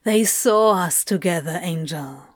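A woman doing a male demon from a storybook who keeps his voice low and hushed. He talks slowly and seductively, with a darker, softer tone than the narration around him, in a dry, close recording. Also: no room sound, lightly acted. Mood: low, worried.

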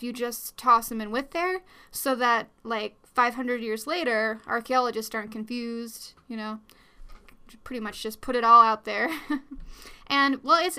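A woman's voice: a little high, pushed and bright, clean tone. A young woman hosting her own podcast, chatting casually and rambling with lots of fillers and little laughs, into a new studio microphone. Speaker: podcast host. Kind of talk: casual solo podcast chat.

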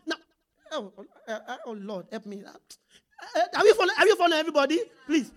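A woman preacher, high-pitched and a little fast, reads scripture during an animated sermon and interrupts herself to call out to listeners, checking they follow.

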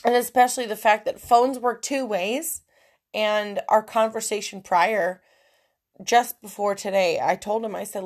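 A young woman hosting a solo podcast, talking bluntly and emotionally with lots of swearing, ranting loudly and then dropping into quiet asides. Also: medium pitch, fairly even intonation, a little slow. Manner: profane, blunt, emotional, swinging between rants and quiet asides. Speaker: podcast host. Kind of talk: candid solo podcast monologue.

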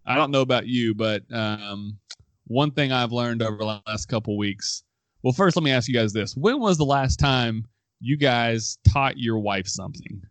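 A young man hosting a casual chat show, telling a story with lively quoted voices and frequent laughs. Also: mid-range voice, normal speed, dry recording. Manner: animated storyteller, acts out quotes, laughs often. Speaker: podcast host.

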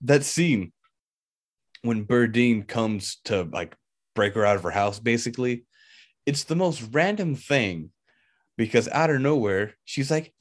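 A man's voice: mid-range voice, lively intonation, a little slow. Laughing man in casual movie chat. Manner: laughs often, acts out lines from scenes. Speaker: podcast co-host.

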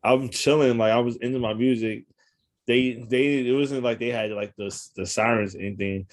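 A man's voice: mid-range voice, fairly even intonation, normal speed. A man telling stories in casual chat, slangy and laid-back, laughing often.

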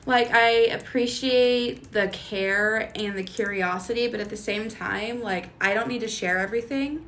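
A woman's voice: medium pitch, unhurried, a bit bright, a little hiss or hum. Blunt, opinionated young woman co-host. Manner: blunt, opinionated, laughs between remarks. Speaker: podcast co-host. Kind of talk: casual chat.

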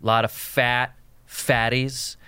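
Guy podcast cohost, bright crisp voice, dry studio sound, riffing and swearing. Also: medium pitch, little pitch movement, takes it slowly, dry recording. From Jordan. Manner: joking, rambling, swears freely. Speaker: podcast co-host. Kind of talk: casual podcast banter, reading listener emails. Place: recording studio in Los Angeles.

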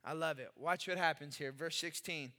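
A man preaching a sermon as pastor, energetic and speaking directly to the congregation, moving between loud bursts and quiet intensity. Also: fairly high pitch, moderate pace, big-room sound.

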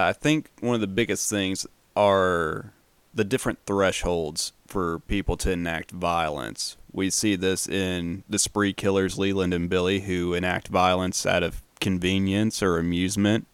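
A man giving a casual, relaxed film commentary, swearing now and then. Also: deep voice, clean tone, no echo. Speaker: film recap host.

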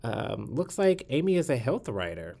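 A man co-hosting a podcast in casual chat, chatty and quick to laugh, swearing freely. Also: medium pitch, big pitch swings, gravelly, dark tone. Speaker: podcast co-host.

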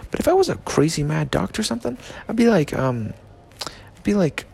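A man's voice: fairly high pitch, sing-song, a little fast, vocal fry, a little mellow, husky. A drunk, stoned man rambling through a comedy monologue, slurred and swearing. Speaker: comedic vlogger.

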